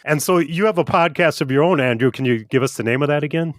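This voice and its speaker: A man's voice: a little high, fast talker, no room sound, clean studio sound. A man hosting a podcast and interviewing a guest in an easygoing way. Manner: easygoing, laughs often. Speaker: podcast host. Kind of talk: casual interview.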